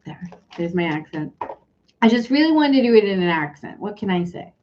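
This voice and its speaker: A woman's voice: medium pitch, a little fast, lo-fi sound, a little hiss or hum. A woman giving a casual, chatty tarot reading, talking loosely and laughing often. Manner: chatty, giggly, animated. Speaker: tarot reader.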